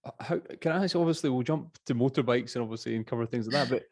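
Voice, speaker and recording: A man's voice: mid-range voice, fast talker, a little mellow, no room sound. Male host, hesitant questioner, dry close sound. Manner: apologetic, hesitant, repeats words. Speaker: podcast host. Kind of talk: interview questions.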